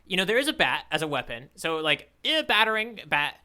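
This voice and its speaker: A man's voice: a little high, very animated, fairly quick, sharp tone, smooth. A man co-hosting a podcast, musing aloud in casual chat, trailing off and restarting his thoughts. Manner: rambling, self-interrupting, musing aloud. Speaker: podcast co-host.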